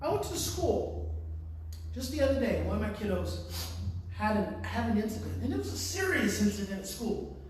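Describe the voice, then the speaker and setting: Impassioned high-voiced man in echoey room. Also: very animated, moderate pace, slight background noise. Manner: emphatic, repeats phrases, swings from quiet to loud. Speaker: parenting speaker. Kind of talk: impassioned talk to parents. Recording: very echoey room, far from the mic.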